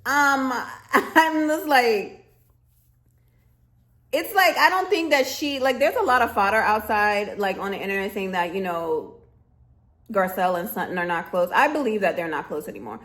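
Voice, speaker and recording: A woman's voice: mid-range voice, animated, a little fast, a bit bright. A woman ranting to camera in a casual vlog, sassy and emphatic, often breaking into laughter. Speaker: vlogger reviewing a reality show.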